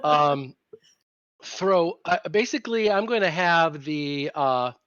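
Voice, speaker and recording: A man's voice: on the high side, slow, a bit bright, clean tone, muffled recording. A man playing a tabletop game, joking and hesitating with many fillers. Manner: jokey, hesitant. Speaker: player. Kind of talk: casual tabletop play.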